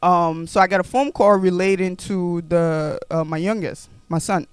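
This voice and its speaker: New woman podcasting, telling her story, lively and repeats stuff, dry close sound. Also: on the low side, moderate pace, clean tone, no echo. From New York. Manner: animated, repeats phrases for emphasis. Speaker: podcast host.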